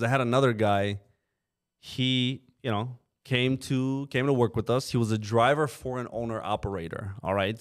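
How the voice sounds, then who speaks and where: A man's voice: lowish voice, clear, resonant tone. A man, a trucking company co-owner, telling stories in casual podcast talk, acting out quotes and often saying "you know". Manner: animated anecdote-telling, acts out quoted drivers, frequent "you know". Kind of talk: casual storytelling. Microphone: podcast microphone.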